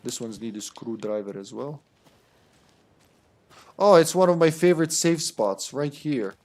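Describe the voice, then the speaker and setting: A man's voice: mid-range voice, expressive, measured pace, darkish tone. A man streaming a video game, chatting casually and rambling with lots of fillers and restarts. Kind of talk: casual gameplay commentary.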